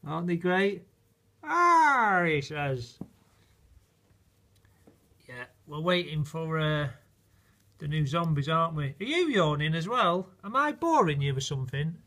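A man's voice: on the high side, expressive, moderate pace, a bit bright. A man filming a casual home vlog, talking fondly to his new puppies in doting baby talk and chuckling often. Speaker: vlogger. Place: at home indoors.

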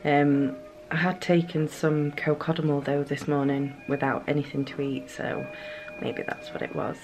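A woman's voice: deep voice, flat delivery, normal speed, music in the background. A woman, a new mother, vlogging casually at home, chatting and sometimes slipping into sing-song baby talk.

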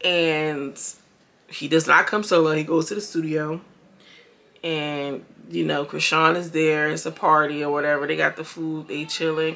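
A woman's voice: deep voice, measured pace, vocal fry, sharp tone, a little hiss or hum. A woman casually reviewing a reality show from home, chatting directly to her viewers with blunt, opinionated commentary.

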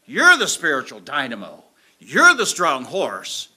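A man preaching in a church, spinning a comic story with lots of acted-out moments. His voice is piercingly bright and swoops up and down, sitting a little high for a man. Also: a little slow. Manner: animated storyteller acting out scenes. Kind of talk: storytelling sermon. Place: church sanctuary with audience. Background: audience laughter.

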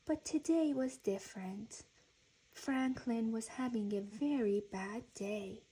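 A woman reading a children's storybook aloud in a gentle, even storytelling manner. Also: a little high, slow pace, slight background noise, rough recording. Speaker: reader.

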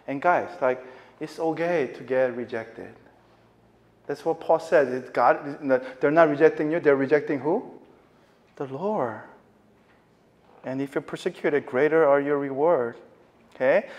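A man giving a casual preaching lecture, telling stories with many fillers and getting loud and excited at times. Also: long reverb tail. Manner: animated storytelling, many fillers, voice jumping high and loud when excited. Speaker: lecturer at a ministry training.

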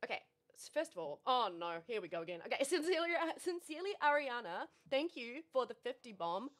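A woman's voice: on the high side, big pitch swings, fast talker, a bit bright. A woman in her thirties with a New Zealand accent, livestreaming in casual chat, frazzled and laughing as she rattles off thank-yous, out of breath. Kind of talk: casual live-stream chat.

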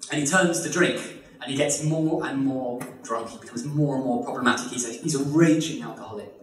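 A man telling a comic history story live, animated and exaggerated, with casual swearing. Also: fairly high pitch, fast talker. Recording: echoey room, distant mic.

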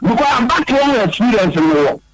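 A man's voice: extremely high pitch, sing-song, fast talker, rough recording. A man with a Ghanaian accent, a regional party chairman, giving heated interview answers, emphatic and repeating himself, stammering when worked up.

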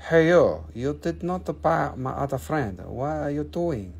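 A man voicing a lonely little carved stone bear who pleads in hushed, broken English. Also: on the high side, lively intonation, measured pace, vocal fry, husky, full character voice. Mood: pleading.

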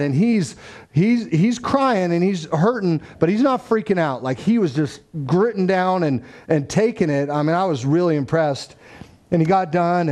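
A man's voice: high voice, darkish tone. A man preaching a sermon in an easygoing, conversational way, telling a family story with quoted dialogue. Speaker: pastor.

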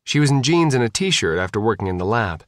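Male audiobook narrator, lively pitch, dry studio sound. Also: fast talker, no room sound.

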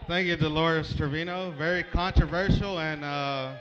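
A man's voice: fairly high pitch, fairly even intonation, normal speed, a crowd in the background. A man emceeing a roast, introducing roasters with brash, profane jokes. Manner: brash, swears freely. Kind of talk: joking, profane emcee patter. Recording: dull, muffled recording.

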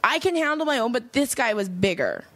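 A woman's voice: on the high side, big pitch swings, fairly quick, fairly bright tone. A young woman guest on a podcast, telling a personal story candidly in a rambling way with lots of fillers. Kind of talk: casual conversation.

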